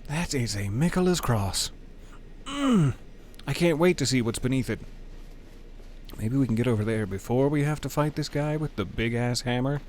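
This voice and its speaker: A man's voice: medium pitch, expressive, normal speed, a little mellow, slight background noise. A man streaming a video game, talking casually and playfully to the game and his chat, sometimes reading item text aloud in a mock-dramatic way. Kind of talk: casual gameplay commentary.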